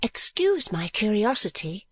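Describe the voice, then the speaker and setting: A man's voice: sits high, very animated, a little slow, slightly rough, no echo, pitched above the performer's own voice, exaggerated voice. A man reading an audiobook, voicing a polite, earnest young woman in a raised voice. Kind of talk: audiobook character voice.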